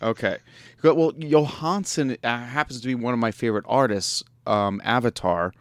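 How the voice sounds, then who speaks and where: A man's voice: mid-range voice, moderate pace, no echo. A man hosting a casual radio chat, joking and laughing often. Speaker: podcast host.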